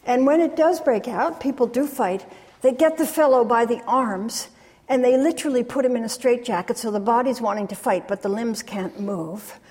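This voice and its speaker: Woman lecturer, fairly high voice, measured storytelling, long hall reverb. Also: darkish tone. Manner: measured, retelling stories with pauses. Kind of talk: academic lecture with anecdotes.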